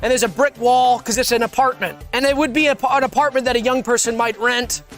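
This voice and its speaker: A man co-hosting a comedy podcast, pitching sketch ideas in a meandering, rambling way. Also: fairly even intonation, fast, soft background music. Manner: meandering, restarts often, acts out bits. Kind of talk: rambling casual brainstorming.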